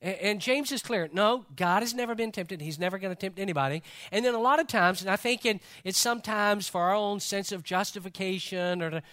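A man's voice: high voice, brisk, few pauses, pushed and bright. A male pastor preaching a sermon in a church service, talking conversationally and joking with the congregation.

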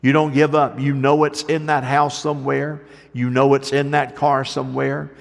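A man preaching a sermon, moving from quiet storytelling to loud, rising preaching. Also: medium pitch, little pitch movement, moderate pace, vocal fry, big-room sound. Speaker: pastor.

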